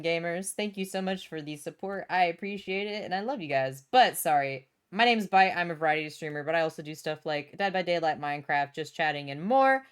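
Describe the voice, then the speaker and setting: A young woman livestreaming from her home setup, chatting and reacting to chat while she works. She is bubbly and swears freely, and her voice is smooth and clear and sits a little low. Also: lively intonation, fairly quick, hardly any pauses. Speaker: streamer.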